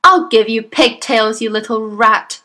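A woman's voice: high-pitched, huge pitch swings, unhurried, sharp tone, pitched above the performer's own voice, heavily acted. A woman voicing a huge, bullying headmistress who barks and bellows her orders in a storybook reading. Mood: barking. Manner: barking, bellowing. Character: huge bullying female headmistress, loud brute.

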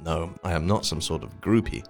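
A man co-hosting an English lesson, relaxed and amused, explaining the meanings of words plainly. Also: extremely low pitch, brisk, vocal fry. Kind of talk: casual chat lesson. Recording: soft music behind.

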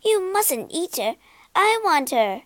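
A woman's voice: very high-pitched, big pitch swings, slow, no echo, pitched above the performer's own voice, exaggerated voice. A woman voicing a bossy, boastful little robber girl in a storybook reading. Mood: demanding.

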